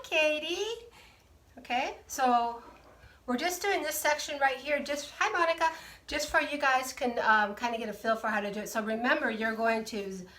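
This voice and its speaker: A woman's voice: sits high, a bit bright, distant mic. Chatty woman teaching a craft, roomy sound. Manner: chatty, greets live viewers by name. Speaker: craft tutorial host. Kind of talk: casual live craft demonstration.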